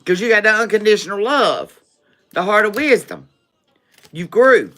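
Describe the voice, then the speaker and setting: A woman's voice: mid-range voice, lively intonation, moderate pace, fairly bright tone. A woman giving a live-streamed tarot reading, laughing often, repeating phrases for emphasis and calling her viewers baby. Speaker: tarot reader.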